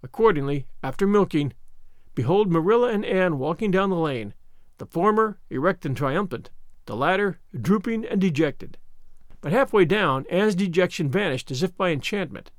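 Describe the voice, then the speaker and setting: Man, audiobook narrator, expressive, lively pitch, dry close mic. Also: normal speed, dry recording. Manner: expressive, storytelling. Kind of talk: audiobook reading.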